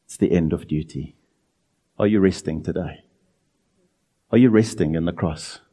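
Guy preaching, earnest and emphatic, slows right down on the big lines, warm husky tone. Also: low-pitched, in a large hall. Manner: earnest, emphatic preaching with slow, drawn-out phrases. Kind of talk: sermon.

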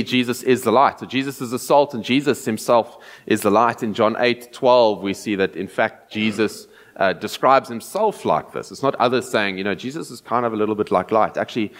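A man preaching an earnest, explanatory sermon, often pausing and restarting as he thinks. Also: on the low side.

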